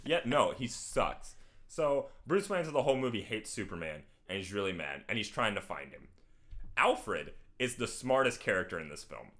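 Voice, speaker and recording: A man's voice: on the low side, moderate pace. A young man co-hosting a comedy podcast, animatedly recapping movies in casual chat. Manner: animated, recaps with acted voices. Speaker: podcast co-host.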